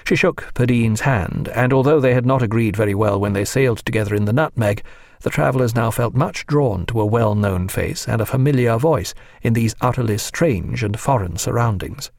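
Gravelly male audiobook narrator. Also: medium pitch, moderate pace, a little mellow, dry recording, studio quality. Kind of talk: scripted narration.

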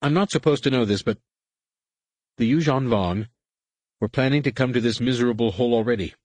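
A man voicing a nervous, talkative young male pilot held captive, speaking in an eager, hurried way. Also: mid-range voice, darkish tone, no room sound, pitched above the performer's own voice, close to an everyday voice.

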